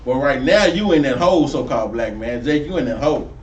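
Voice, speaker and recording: A man teaching scripture on the street in a preachy, animated way, full of slang and rising to near-shouts. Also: medium pitch, fast talker, highs cut off. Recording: roomy, distant mic with faint noise.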